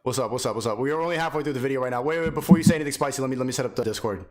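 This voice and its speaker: Brash fast-talking young man streamer. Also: mid-range voice, a little mellow. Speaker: livestream host. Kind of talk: casual livestream chat.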